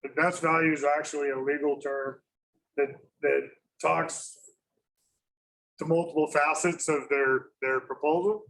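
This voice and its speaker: A man presenting to a school district meeting, halting with many fillers and self-corrections. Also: fairly high pitch, fairly even intonation, creaky, fairly bright tone, a little hiss or hum, low-quality recording.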